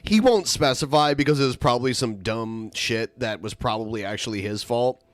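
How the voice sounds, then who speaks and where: A man's voice: mid-range voice, moderate pace, dry recording. A man co-hosting a podcast, arguing in casual, exasperated chat. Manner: argumentative, exasperated. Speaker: podcast co-host.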